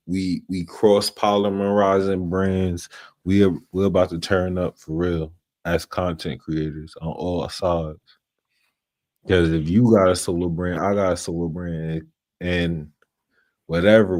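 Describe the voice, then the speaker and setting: A man's voice: sits low, flat delivery, unhurried, a little mellow. A man hosting a late-night streaming show, chatting casually in slangy, laid-back talk. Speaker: show host. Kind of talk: casual chat.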